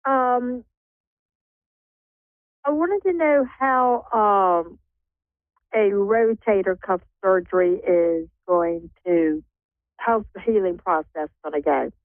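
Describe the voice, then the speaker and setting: A woman calling in to a radio show, hesitant and halting as she asks her question. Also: mid-range voice, dry recording. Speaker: caller. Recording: tinny phone line.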